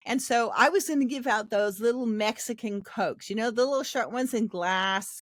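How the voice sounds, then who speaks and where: A woman's voice: fairly high pitch, normal speed, dry recording, studio quality. An older woman pastor, a podcast guest, telling a faith testimony in a casual interview and animating the people in her story. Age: 60s. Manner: animated storyteller acting out quoted voices.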